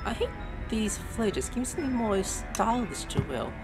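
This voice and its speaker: A man's voice: high voice, sing-song, moderate pace, gravelly. A man giving casual let's-play commentary, reading on-screen text aloud, spelling out words letter by letter, and swearing when surprised. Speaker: gameplay streamer. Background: game music.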